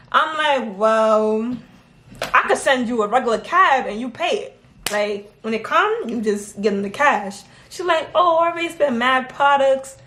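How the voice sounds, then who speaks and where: A woman telling a story in casual chat, animated and laughing as she acts out what others said. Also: sits high, a little slow, slight background noise. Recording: echoey room.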